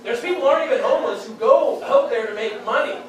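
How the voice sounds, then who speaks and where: A young man from Saskatchewan doing a wry, casual stand-up set on a club stage, acting out quick quotes. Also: extremely high pitch, expressive. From Saskatchewan, Canada. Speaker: stand-up comedian. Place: comedy club stage in a beer hall. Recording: very echoey club room, mic distant. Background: audience laughing.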